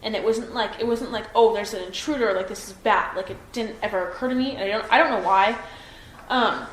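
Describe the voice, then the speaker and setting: A woman in her twenties with a mid-range voice, talking a little fast, is being interviewed by police as a witness. She sounds hesitant, filling her answers with fillers and restarts. The room echoes noticeably, with faint noise underneath.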